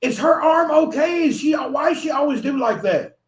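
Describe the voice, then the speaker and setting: A man's voice: very high-pitched, lively intonation, moderate pace. A man hosting a livestream, rambling playfully and teasing his viewers, laughing often. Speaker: livestream host. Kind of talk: rambling joking livestream chat.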